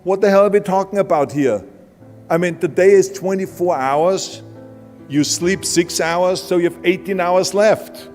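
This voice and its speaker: A man's voice: high-pitched, unhurried, darkish tone. Emphatic man with an Austrian accent. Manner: emphatic, blunt, plain-spoken. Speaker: motivational speaker. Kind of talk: motivational speech. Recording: hall reverb with music underneath.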